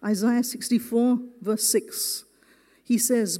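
A man preaching a sermon as pastor, slow and earnest, leaning hard on key words in a church. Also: very high voice, dark tone. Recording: long reverb of a large hall.

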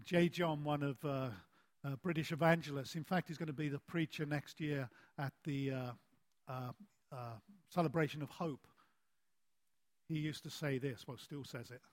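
A man preaching a sermon in a deliberate way, with emphatic phrases that fall soft at the end and a lively, climbing voice for stories. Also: a little high. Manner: animated storytelling with a rising voice.

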